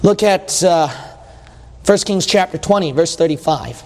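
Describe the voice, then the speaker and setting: High-voiced preacher man in a reverberant hall. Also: measured pace, darkish tone. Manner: emphatic, repeats points, conversational asides. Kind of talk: sermon.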